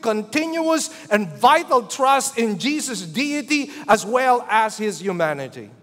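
A man with a strikingly high voice preaches a sermon, leaning hard on repeated phrases and building in force. His words ring out with a long reverb from a large hall. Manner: emphatic preaching, swells louder on repeated calls to believe. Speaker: pastor.

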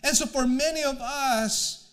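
Male pastor, very high voice, slow deliberate sermon delivery. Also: fairly bright tone. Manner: slow, deliberate preaching with repeated phrases.

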